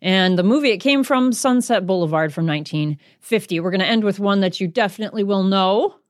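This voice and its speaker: A woman hosting a solo podcast, chatting casually in a self-deprecating way and slowing down to read out quiz words. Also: medium pitch, no room sound, clean studio sound. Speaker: podcast host.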